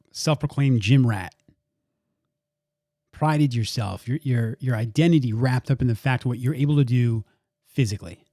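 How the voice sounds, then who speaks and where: Recorded in a clean studio without echo, this man's medium-pitched, somewhat dark voice leads a podcast. He introduces the show earnestly, then interviews a guest, frequently repeating words as he collects his thoughts.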